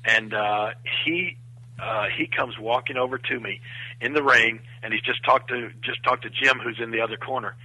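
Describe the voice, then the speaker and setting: Guy telling a story, really bright forceful voice, super dry close mic. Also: medium pitch, moderate pace, no room sound, rough recording. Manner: animated, acts out quoted voices. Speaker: guest storyteller. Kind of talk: casual storytelling on a podcast.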